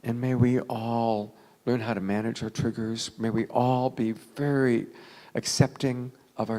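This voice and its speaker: A man telling an emotional story to an audience, dramatic, dropping from loud lines to near whispers. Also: fairly low pitch, creaky.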